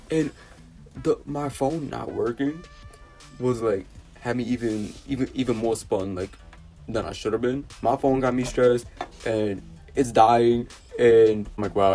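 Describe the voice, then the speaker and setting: A teenage vlogger from New York City tells an exasperated storytime, full of fillers and restarts. His voice is medium-pitched with a somewhat dark tone.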